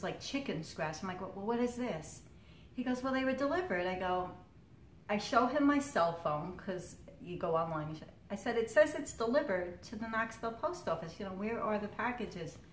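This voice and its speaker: A middle-aged woman vlogging about her hobby, telling a story in a casual, animated way, acting out what others said and laughing often. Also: mid-range voice. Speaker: cross stitch vlogger. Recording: echoey room with faint noise.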